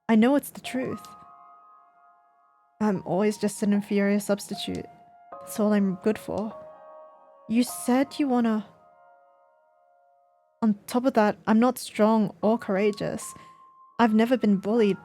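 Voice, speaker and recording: A hopeless teenage boy, voiced by a woman reading a visual novel who speaks in quiet despair and self-hatred. The voice sits at middle pitch, and faint music plays underneath. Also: close to an everyday voice.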